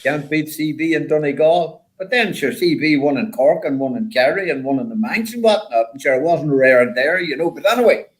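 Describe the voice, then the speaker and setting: An older man, a former rally driver, telling stories in a rambling, animated way with lots of repeated words. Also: mid-range voice, a little fast, few pauses, low-quality recording. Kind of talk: casual storytelling chat.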